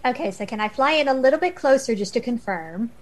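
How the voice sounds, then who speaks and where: A woman's voice: fairly high pitch, animated, fast, a crowd in the background. A woman playing in a tabletop role-playing game, bold and playfully stern. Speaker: player. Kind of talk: casual tabletop play.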